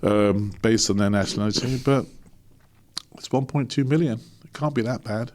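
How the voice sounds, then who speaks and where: A middle-aged man from London, speaking as an honorary consul in a casual interview, jovial and animated, laughing often. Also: fairly low pitch, moderate pace. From England.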